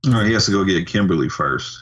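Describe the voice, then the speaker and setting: A man's voice: deep voice, animated, quick pace, a bit bright, husky. A man co-hosting a podcast, chiming in with plot details during a casual movie chat. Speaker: podcast co-host.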